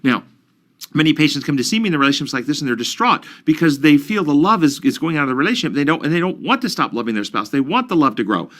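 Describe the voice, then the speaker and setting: A man's voice: on the high side, big pitch swings, fast, fairly bright tone. A man counseling and explaining ideas earnestly in an interview, using examples and questions. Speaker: counselor guest.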